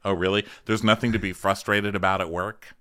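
A man's voice: level tone, brisk, a bit bright, smooth. A man co-hosting a comedy recap podcast in casual chat, wry and profane. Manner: wry, profane, acts out quotes in high put-on voices. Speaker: podcast co-host recapping a reality show.

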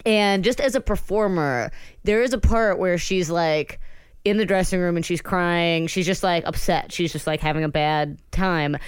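Woman co-host, lower register, very smooth and clear voice; chatty, rambling gossip storyteller. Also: normal speed, no room sound. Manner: rambling, filler-heavy storytelling. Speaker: podcast co-host. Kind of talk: casual gossip chat.

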